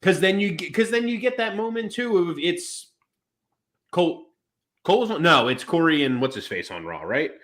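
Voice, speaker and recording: A man's voice: very animated, normal speed, fairly bright tone. A man co-hosting a casual wrestling podcast, rambling and acting out quotes in put-on voices. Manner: rambling, acts out quotes with big pitch jumps. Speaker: podcast co-host.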